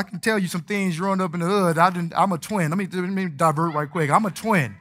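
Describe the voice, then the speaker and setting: A man's voice: high voice, a little fast, hardly any pauses. A man preaching a sermon, acting out scripture and stories in character. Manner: animated preaching, acts out scripture and anecdotes in character. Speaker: pastor.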